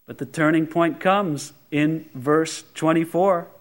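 A man with a fairly high voice delivers a sermon from the pulpit. He talks earnestly, often drawing out and stressing his quotations from scripture. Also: expressive. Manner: earnest preaching, slows and stresses for scripture quotes. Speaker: pastor.

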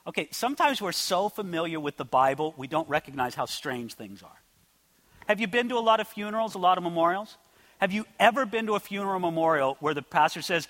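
A male pastor delivering a sermon with a high, bright, ringing voice. He swings from loud, impassioned declarations down to soft, near-whispered asides. The sound carries a long reverb from a large church hall. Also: big pitch swings, moderate pace.

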